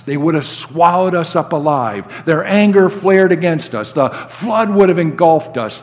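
An older man preaching a sermon as a guest pastor, telling stories and acting out the quoted lines with rising emphasis. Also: mid-range voice. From United States. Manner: storytelling, acts out quoted dialogue with rising emphasis. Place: church sanctuary. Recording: long hall reverb.

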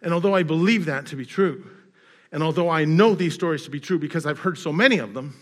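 A man giving a sermon, telling a story with many fillers and restarts, getting louder and higher in dramatic parts and dropping quiet when reflecting. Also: quick pace. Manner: storytelling, rising loud and high in quoted scenes, dropping quiet in reflection. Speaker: pastor.

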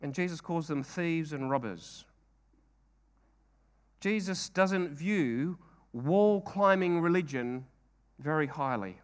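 Guy preaching a sermon, fairly high voice, earnest, keeps asking the room questions. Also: slow, long pauses. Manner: earnest, rhetorical questions, repeats phrases.

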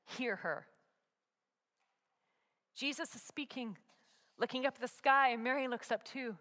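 A woman narrating a dramatic story, moving from hushed whispers to loud, urgent peaks. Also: sits high, a little slow, pauses often. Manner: expressive, swings from hushed whispers to loud climaxes. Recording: long hall reverb.

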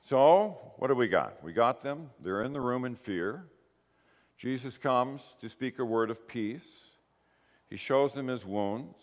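A man preaching a sermon, telling the story in a lively way and acting out the quoted lines. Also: mid-range voice, measured pace. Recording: long hall reverb.

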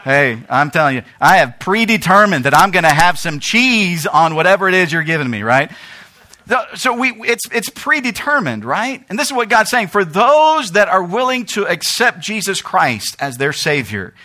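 Animated high-voiced pastor. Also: male voice, moderate pace. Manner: animated, talks straight to the congregation with frequent "right?". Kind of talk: sermon. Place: church.

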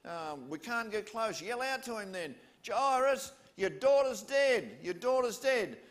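A man's voice: high-pitched, expressive, normal speed, voice pushed up. A man voicing frantic village men in a crowd, urgent and calling out to each other. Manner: urgent, shouting across a crowd.

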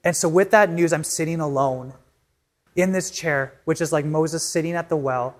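Young male pastor with a raised pitch, preaching earnestly from personal experience. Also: fairly even intonation, fairly quick. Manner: earnest, emotional storytelling with restarts. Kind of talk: sermon with personal story.

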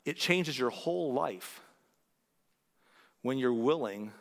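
A man's voice: mid-range voice, lively intonation, takes it slowly, vocal fry, long reverb tail. A man who is a pastor, preaching a sermon in an earnest, conversational way, rising to emphatic points.

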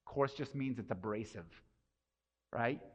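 Casual preacher in a reverberant hall. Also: male voice, mid-range voice, measured pace. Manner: casual, conversational preaching with rhetorical questions. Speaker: pastor. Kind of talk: sermon. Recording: dull sound with long hall reverb.

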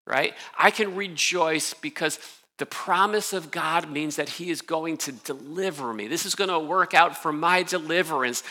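A pastor preaches with a bright, forceful voice, pitched a little high for a man. He talks earnestly and emphatically, often restarting his phrases. His words ring out with the long reverb of a large hall. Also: moderate pace. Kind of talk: sermon.

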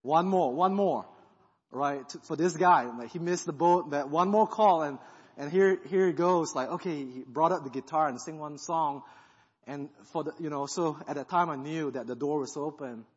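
A guest pastor, a man, giving an animated sermon testimony and acting out the thoughts he is retelling. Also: fairly high pitch, moderate pace, breathy edge. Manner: animated storytelling, acts out quoted thoughts. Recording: dull sound in a reverberant hall.

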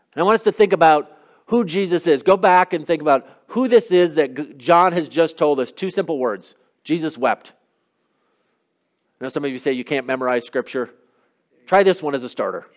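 Higher-voiced male preacher. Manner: asks the congregation questions, emphatic. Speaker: pastor. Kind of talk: sermon.

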